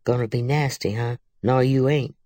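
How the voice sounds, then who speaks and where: A woman voicing a stern, fierce mother of young girls, sharp and scolding in a dry, close recording. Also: very deep voice, fairly even intonation, moderate pace, no echo. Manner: sharp scolding, softening to gentle.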